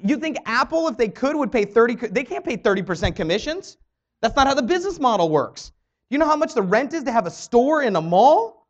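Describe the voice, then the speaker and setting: A woman trainer tells a motivational story in an animated way and acts out what other people said. Her voice sits a bit high and moves all over the place. The recording sounds dull and lo-fi. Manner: animated, acts out quoted dialogue. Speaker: network marketing trainer. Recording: dull lo-fi audio.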